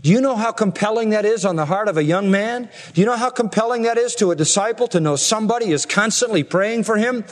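A man preaching an expository sermon earnestly, slowing down and rising in pitch to stress his points. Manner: earnest preaching, slows and rises for emphasis. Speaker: pastor. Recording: long reverb of a large hall.

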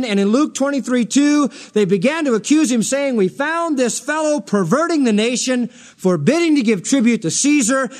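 A man with a high, bright-toned voice preaches a sermon. He acts out the people he quotes, swinging his pitch up and down for drama. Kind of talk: expository sermon.

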